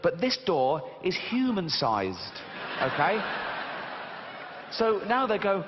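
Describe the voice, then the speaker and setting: English male stand-up, mocking and sweary, lively swooping delivery, reverberant hall, dull sound. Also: sits high, slow pace, noisy background. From Britain. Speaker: stand-up comedian. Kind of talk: stand-up comedy routine. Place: large theater on stage.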